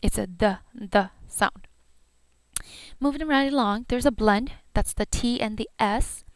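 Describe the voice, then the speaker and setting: A woman teaching pronunciation at a slow, unhurried pace, repeating each sound patiently. Her voice is smooth and clean, recorded close and dry with no room echo. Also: a little high. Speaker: language teacher.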